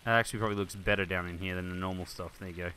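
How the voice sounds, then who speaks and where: A man hosting a game video, thinking aloud and getting excited as he chats to objects on screen. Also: deep voice, racing, slight background noise. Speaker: gaming video host. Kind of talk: let's play commentary.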